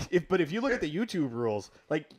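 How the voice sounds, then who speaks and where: A man's voice: on the high side, very animated, fast talker. Eager, rambling male stream host. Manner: eager fan, rambling, stammering restarts. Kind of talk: casual chat, live stream.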